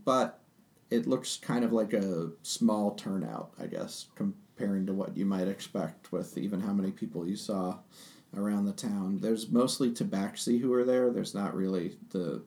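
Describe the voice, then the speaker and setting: Low-voiced man running a tabletop game. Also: unhurried. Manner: relaxed, hesitant, many ums. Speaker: game master.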